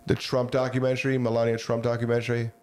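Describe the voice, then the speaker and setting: A man's voice: mid-range voice, completely flat delivery, quick pace, darkish tone, clean tone. A man co-hosting a casual podcast, who talks bluntly, swears freely and jokes around. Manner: blunt, profane, joking. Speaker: podcast co-host. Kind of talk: casual chat.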